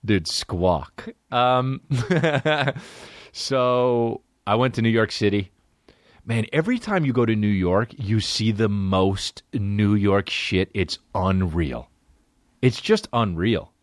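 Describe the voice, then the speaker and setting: A young man hosting a solo comedy podcast, rambling through stories with heavy swearing. His pitch swings widely as he talks, and the sound is close and dry. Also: lively intonation, takes it slowly, no room sound. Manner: profane, rambling storytelling. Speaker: podcast host.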